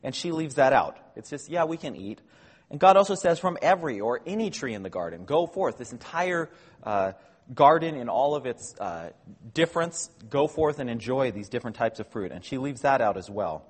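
A man gives a measured scripture lecture in a slightly husky voice. He explains each point patiently and corrects himself now and then. His voice rings with a long reverb, as if heard in a large hall. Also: medium pitch, expressive. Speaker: Bible teacher.

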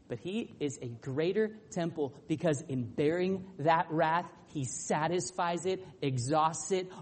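A man with a high voice preaches with fervor. His delivery climbs to loud, emphatic declarations, then sinks to a low, quiet intensity. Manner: impassioned preaching, rising to loud peaks then dropping low. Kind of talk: sermon.

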